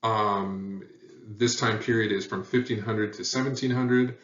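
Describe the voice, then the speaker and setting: Lecturing man, lowish voice, plenty of ums, roomy and dull distant sound. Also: measured pace. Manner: relaxed, thinking aloud with many fillers. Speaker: teacher. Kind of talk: recorded lecture. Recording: echoey room heard from far, dull sound.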